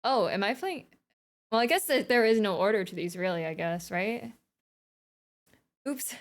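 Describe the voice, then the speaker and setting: A woman's voice: medium pitch, animated, normal speed. A young woman streaming a game, chatting casually and giggling as she reads dialogue aloud. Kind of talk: casual chat while playing a game.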